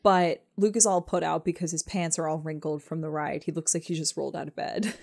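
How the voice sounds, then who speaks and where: A woman's voice: low voice, steady tone, brisk, vocal fry, a little mellow. A young woman co-hosting a podcast, chatting casually about a TV episode, laughing often and acting out lines. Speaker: podcast co-host. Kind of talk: casual chat recapping a TV episode.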